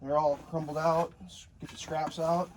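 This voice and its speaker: A fairly high-pitched man delivers his lines flatly at a moderate pace, and the recording is very noisy. As a home builder, he narrates a casual how-to vlog from an outdoor building site while digging and scraping, speaking bluntly, joking and swearing freely. The handheld camera is at times held one-handed by the builder himself.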